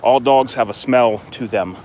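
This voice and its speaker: A man's voice: moderate pace, a little mellow, slight background noise. A man talking casually and rambling while he plays with his dog outdoors by a fenced court, filmed on a handheld phone. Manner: chatty and rambling, lifts his voice high for dog praise. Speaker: dog owner vlogger.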